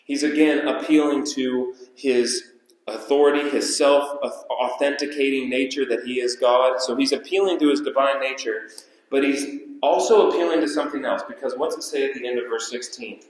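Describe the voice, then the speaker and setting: A man preaching a sermon as pastor, with emphatic delivery that repeats key phrases and slows down for weight. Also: medium pitch, fairly even intonation. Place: church sanctuary. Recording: echoey church hall.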